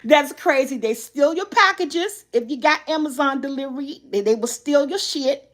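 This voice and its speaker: A middle-aged woman vlogger telling a story in a casual chat, animated and often laughing. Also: high voice, normal speed.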